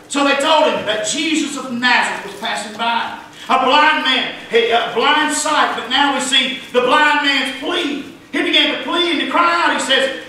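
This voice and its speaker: A man preaching a fervent sermon as pastor, building to loud cries. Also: very high-pitched, normal speed, few pauses, slight background noise. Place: church sanctuary. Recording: echoey church heard from a distance.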